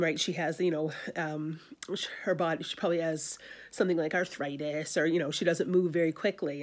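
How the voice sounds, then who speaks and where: Lowish-voiced woman teacher, casual lecture, chatty with fillers. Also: darkish tone. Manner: conversational, many fillers. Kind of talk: explaining a play in a lesson.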